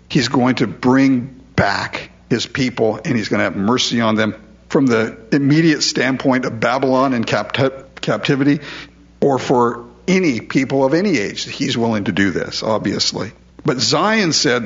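A man's voice: medium pitch, expressive, normal speed, a bit bright, breathy edge, dull audio. A man preaching a sermon, reading scripture aloud and explaining it in a conversational way, sometimes voicing God and his listeners. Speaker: pastor.

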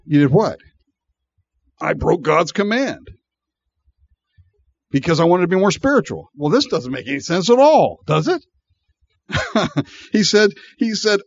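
A man preaching a sermon with a lively, animated delivery, his pitch rising and falling a lot. He talks to his listeners casually and acts out the people in the story. The sound is dry and a little dull. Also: breathy edge, no room sound. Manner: animated and conversational, acting out voices with frequent laughs. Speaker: pastor.

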